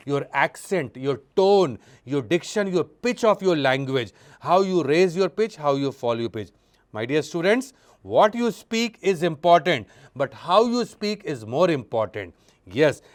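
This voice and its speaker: A man giving a classroom lecture, expressive, shifting his pitch and loudness for emphasis and often repeating words and using fillers. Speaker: college lecturer.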